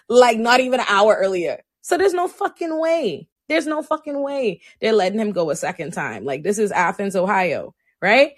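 Woman in her 30s telling her own story, lowish voice, super dry close mic, blunt and sweary, goes way up when quoting. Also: no room sound. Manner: candid, animated, profane, acts out quoted speech. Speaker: podcast host. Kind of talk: personal storytelling.

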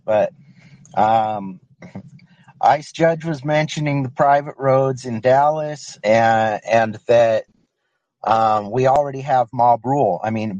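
Slow-talking guy on a call-in show, lots of um and like, dry muffled phone sound. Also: medium pitch, darkish tone, dry recording. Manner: hesitant, halting, lots of "um" and "like". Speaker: caller. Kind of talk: call-in podcast debate.

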